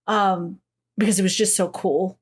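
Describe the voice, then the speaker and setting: A middle-aged woman talks casually on a podcast, swearing freely and playing out her reactions in quoted asides. Her pitch sits in a typical middle range for a woman. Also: steady tone, moderate pace, husky. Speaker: podcast co-host. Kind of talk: casual chat.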